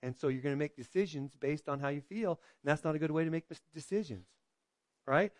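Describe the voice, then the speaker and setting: A man with a high-pitched voice delivers a conversational sermon, recorded dry with little room sound. He keeps checking in with his listeners and slips into quoted voices as he goes. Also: brisk, no room sound. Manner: conversational preaching, frequent "right?" checks with the congregation. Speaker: pastor.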